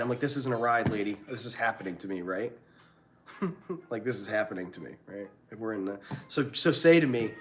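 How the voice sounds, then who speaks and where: Animated man ranting on a livestream. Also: moderate pace, soft background music. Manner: animated, acts out quotes with big pitch jumps and laughs. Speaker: livestream host. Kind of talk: casual storytelling rant.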